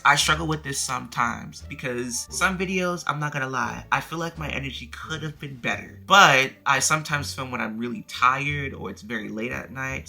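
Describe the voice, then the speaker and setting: Gravelly-voiced young man giving chatty tips. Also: medium pitch, pushed and bright. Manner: chatty, leans on "like" fillers, direct second-person tips. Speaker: YouTuber giving channel advice. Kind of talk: casual sit-down advice vlog. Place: indoors at home, dim room.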